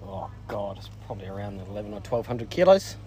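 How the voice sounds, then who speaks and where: A man's voice: lowish voice, sing-song, quick pace, warm tone, slight background noise. A man, a racing driver, answering interview questions at an outdoor motorsport event in brief, laid-back replies. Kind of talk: casual interview.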